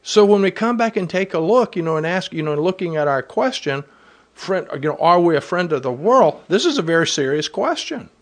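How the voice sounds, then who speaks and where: Earnest male preacher, slightly higher voice. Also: animated, fairly quick. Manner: earnest, emphatic Bible teaching, reading verses aloud. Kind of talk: sermon.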